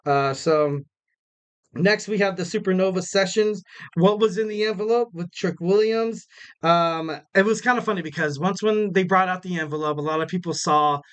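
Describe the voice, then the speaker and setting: A man's voice: high-pitched, normal speed, clean tone. Chatty young man recapping wrestling. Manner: rambling, many fillers and self-corrections; jokey, laughs at himself. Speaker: podcast host.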